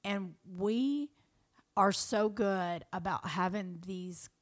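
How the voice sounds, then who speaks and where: A woman from Kentucky with a Southern American accent, co-hosting a podcast in an animated, folksy, casual chat. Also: mid-range voice, slow pace. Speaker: podcast co-host.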